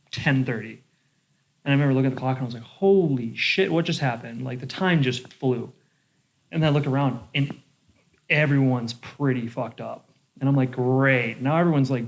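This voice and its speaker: Casual swearing young bartender man. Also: mid-range voice. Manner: animated, swears a lot, lots of "like". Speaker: bartender podcast host. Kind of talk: casual storytelling.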